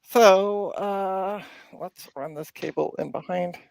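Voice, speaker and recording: Here the Canadian streamer speaks slowly in a clear, resonant, mid-range voice that is creaky and a little mellow, with no room sound. She chats playfully and narrates her tinkering at her home workbench during a casual live stream.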